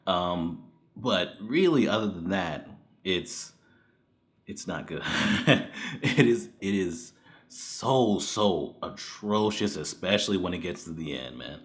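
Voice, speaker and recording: A man's voice: low-pitched, expressive, takes it slowly. A man giving a casual spoken movie review, blunt and profane, ranting in exasperation with frequent laughs.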